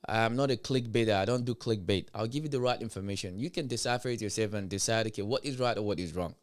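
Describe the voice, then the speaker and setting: A man's voice: on the low side, quick pace, clear, resonant tone. A man streaming live, hosting a blunt, profane commentary rant with emphatic delivery.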